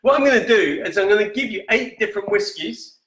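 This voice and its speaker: A man hosting a live-stream whisky quiz in a casual, chatty way, reading each question slowly and repeating it. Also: sits high, expressive, fairly bright tone. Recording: echoey room.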